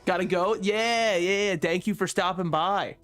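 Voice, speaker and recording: A man hosting a casual gameplay commentary with a slightly high voice. He jokes at the game and at himself as he plays, over a faint music bed. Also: moderate pace, fairly bright tone. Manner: joking, self-deprecating, talks to the game. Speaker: gaming channel host.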